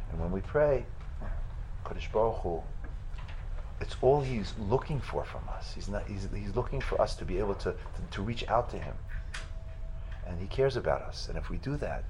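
Man, rabbi's storytelling sermon, deep-ish voice, halting restarts. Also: slight background noise, rough recording. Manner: halting retelling with restarts, rising to loud fervent chanting at the end.

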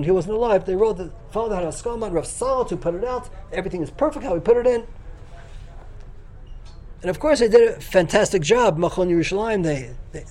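An older man gives a Torah lecture in a high, quick voice. He gushes with excitement and often stumbles, restarting and repeating words as he rushes ahead. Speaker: rabbi teaching a Torah class.

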